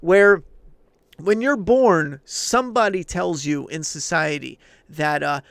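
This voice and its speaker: A man's voice: on the high side, takes it slowly, vocal fry, a bit bright, smooth, dry recording. A man hosting a livestream, ranting casually and emphatically to his chat with heavy swearing. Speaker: livestream host answering chat. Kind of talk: casual profane rant.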